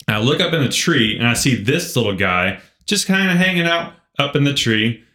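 A man co-hosting a podcast, telling a story in an animated, casual way full of filler words. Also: mid-range voice, normal speed. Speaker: podcast co-host. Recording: roomy echo.

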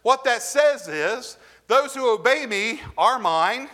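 Male pastor, middle-aged, high pitch, sermon delivery with slow emphatic readings. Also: lively intonation, sharp tone. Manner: earnest preaching with slow emphatic scripture reading.

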